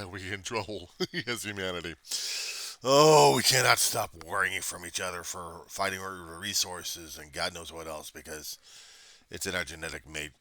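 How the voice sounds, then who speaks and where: An American man with a very deep, sharp-toned voice vlogs a rambling, profane history monologue, packed with digressions and corrections of himself. There's no room sound on the recording.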